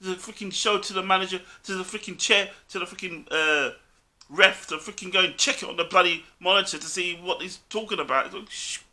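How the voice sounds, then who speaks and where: A man's voice: high voice, brisk, bright, forceful tone. A man chatting casually about football, bluntly and with lots of swearing, calling everyone mate. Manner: blunt, swears a lot, says mate constantly. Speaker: co-host.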